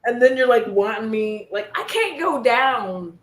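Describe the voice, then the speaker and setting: A woman's voice: a little high, expressive, unhurried. A woman in casual chat, telling stories animatedly and acting out exchanges, with frequent swearing. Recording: echoey room with faint noise.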